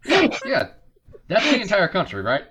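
Podcast host guy, animated, slightly high pitch, muffled lo-fi sound, sarcastic recap chatter. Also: moderate pace, breathy edge. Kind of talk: casual chat.

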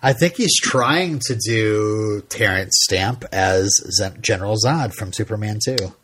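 Husky-voiced man rambling in casual chat. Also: fairly low pitch, measured pace, a bit bright. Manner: rambling, many fillers, laughs often. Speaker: podcast host. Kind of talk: casual episode recap chat.

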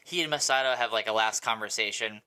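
A man co-hosting a podcast, rambling excitedly through a casual episode recap with lots of fillers and swearing. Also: on the low side, quick pace. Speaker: podcast co-host.

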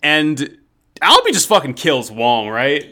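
A man's voice: on the high side, huge pitch swings, unhurried, pushed and bright. A man co-hosting a casual podcast, recapping an anime plot with jokes and profanity. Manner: joking, profane, narrates plot. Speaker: podcast co-host.

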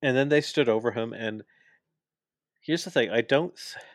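A man's voice: mid-range voice, normal speed, no room sound, clean studio sound. A young man co-hosting a casual podcast chat, opinionated and explaining at length with plenty of fillers. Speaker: podcast co-host.

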